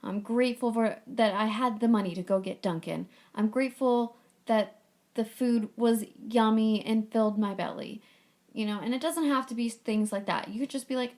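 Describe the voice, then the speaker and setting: A woman's voice: medium pitch, moderate pace, darkish tone. Chatty, swearing podcast woman. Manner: chatty, upbeat, casually swearing; playful, breezy. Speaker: podcast host. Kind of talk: casual solo podcast chat.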